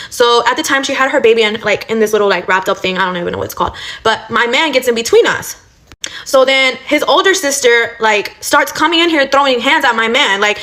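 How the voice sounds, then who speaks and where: Fast-talking young woman ranting bluntly. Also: fairly high pitch, pushed and bright. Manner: blunt and profane, full of fillers like "like" and "you know". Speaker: storytime vlogger. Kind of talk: casual storytime rant.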